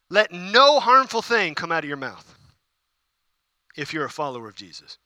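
A man's voice: high voice, sing-song, normal speed, long pauses, pushed and bright, dry recording. A man preaching a sermon, emphatic and repeating key phrases, with conversational asides to the congregation. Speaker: pastor.

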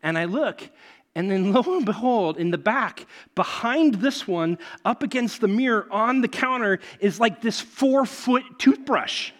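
A man's voice: high voice, lively intonation, unhurried, a bit bright. A young male pastor giving a casual, storytelling sermon in church, full of fillers and laughing at his own stories.

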